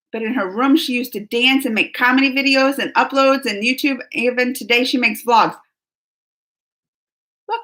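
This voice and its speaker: A woman's voice: fairly high pitch, pushed and bright. A woman hosting a casual live-stream chat from home, chipper and chatty, reading viewer names aloud. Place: at home, just out of bed.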